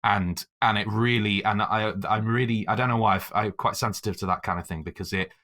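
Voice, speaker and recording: A man's voice: fairly low pitch, steady tone, fairly quick, pushed and bright. A man co-hosting a casual podcast discussion about a TV episode, full of restarts and hedging as he thinks aloud. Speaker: podcast co-host.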